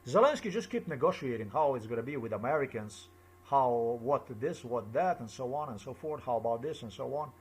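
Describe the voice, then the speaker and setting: A man's voice: medium pitch, lively intonation, fairly quick, darkish tone, breathy edge. A man delivering an angry personal monologue, swearing often and repeating himself as he rants. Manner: agitated, profane, repetitive ranting. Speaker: vlogger.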